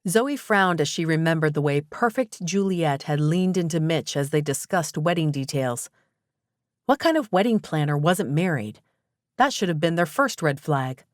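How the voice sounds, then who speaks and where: Low-voiced woman reading an audiobook. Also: lively intonation, normal speed, no echo, studio quality. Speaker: audiobook narrator. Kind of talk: scripted narration.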